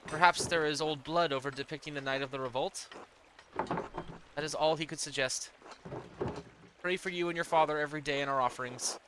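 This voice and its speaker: Gentle young letter-writer read by a male gamer, slightly higher voice, noisy recording. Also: fairly even intonation, normal speed, pauses often, lightly acted. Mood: earnest. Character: earnest young woman writing a kind letter.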